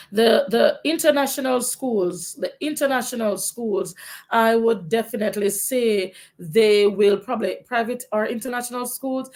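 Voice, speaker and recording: A woman from Jamaica with a Jamaican accent, a teacher hosting a live Q&A and giving frank, encouraging advice to viewers, often restarting her sentences. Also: a little high. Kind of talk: live Q&A, answering viewer questions.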